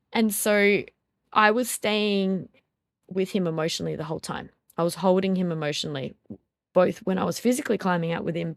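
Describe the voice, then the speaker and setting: A woman's voice: low voice, no room sound, clean studio sound. A woman in her thirties, a mother of a toddler, talking through parenting ideas in a thoughtful, step-by-step way with frequent ums. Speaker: podcast co-host and mother of a toddler. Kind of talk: reflective parenting talk.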